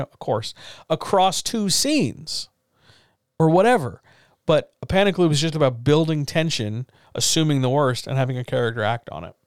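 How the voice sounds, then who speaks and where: A man's voice: a little high, clean tone, no echo, clean studio sound. A man talking casually as a writing coach, frank and reassuring, swearing now and then as he gives advice.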